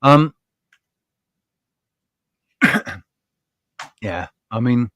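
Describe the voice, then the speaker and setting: A man in casual podcast conversation who rants bluntly and swears freely. He keeps a middle pitch. His voice sounds dry and close, with frequent laughs and restarts. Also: lively intonation, drawn-out words, a bit bright, dry recording, dull audio. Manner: heated, blunt ranting with swearing; laughs often, restarts mid-sentence. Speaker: podcast co-host. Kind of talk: casual live podcast chat.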